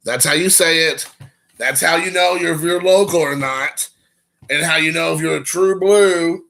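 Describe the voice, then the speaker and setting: A man's voice: fairly high pitch, gravelly, sharp tone. A man, hosting a rambling, joking live stream and chatting with viewers. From Kentucky. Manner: rambling, joking, reading chat aloud.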